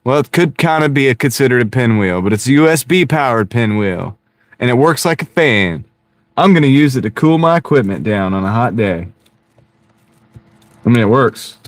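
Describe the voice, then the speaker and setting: A man's voice: medium pitch, animated, normal speed, no room sound. Chatty laughing man streaming from his car. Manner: rambling, jokey, laughs often. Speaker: livestream host chatting with viewers. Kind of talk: casual live-stream chat. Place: inside a car. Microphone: wireless clip-on microphone.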